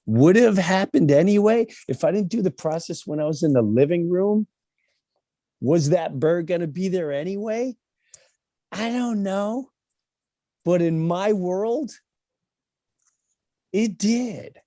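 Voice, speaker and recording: A middle-aged man tells personal stories as an interview guest, slowly and with long pauses, though still animated. When he acts out other people's voices his pitch jumps dramatically, and the recording is dry.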